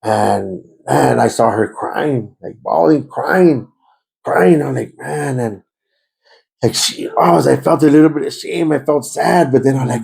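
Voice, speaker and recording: A man's voice: medium pitch, measured pace, vocal fry, darkish tone, rough recording. A man telling his life story in an interview, emotional and repetitive, slipping into phrases. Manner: emotional, repetitive, switches into Spanish. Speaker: interviewee giving testimony. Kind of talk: conversational personal testimony.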